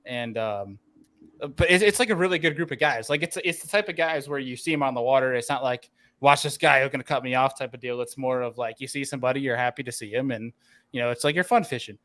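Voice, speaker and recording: A man's voice: medium pitch, fast talker, fairly bright tone. A man hosting a fishing podcast, telling a story in a rambling, casual way. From New York, US. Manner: rambling, filler-heavy. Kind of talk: casual chat.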